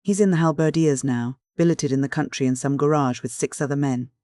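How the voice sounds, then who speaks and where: A reader voicing an eager young wife who talks in a chatty, quick way in an audiobook. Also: female voice, sits low, mellow, no echo, studio quality, close to an everyday voice. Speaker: character in an audiobook. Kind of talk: audiobook reading.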